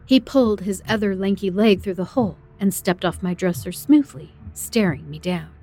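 A woman's voice: mid-range voice, normal speed, dark tone. A woman narrating a first-person horror story in a dramatic, tense storytelling manner.

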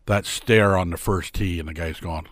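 A man's voice: sits low, fairly even intonation, moderate pace, fairly bright tone, no echo. A man co-hosting a radio sports talk show, joking wryly and telling stories in casual chat. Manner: wry, joking, storytelling asides.

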